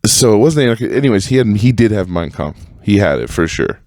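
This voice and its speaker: Young male podcast host, low voice, dry close sound, profane rambling storyteller. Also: sing-song, quick pace, darkish tone, no echo. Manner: profane, rambling, full of fillers and self-corrections. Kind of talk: casual storytelling monologue.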